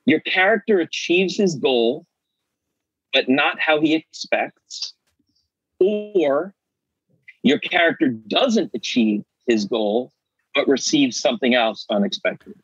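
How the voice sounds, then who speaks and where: Husky-voiced man telling stories. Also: on the high side, slow pace, dry recording, muffled recording. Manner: animated, acts out quoted voices. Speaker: actor guest. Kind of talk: casual storytelling.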